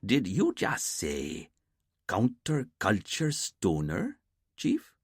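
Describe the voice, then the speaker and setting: A man doing a relaxed, wry island cop. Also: lowish voice, very slow, husky, no room sound, studio quality, exaggerated voice. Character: easygoing male island police officer.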